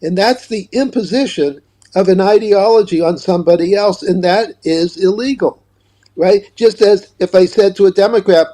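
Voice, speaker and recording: An older man speaks as a guest author in a political interview, pressing his points emphatically. His voice sits high, yet it sounds dark and mellow, and he often stumbles over repeated words at the start of a sentence. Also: normal speed.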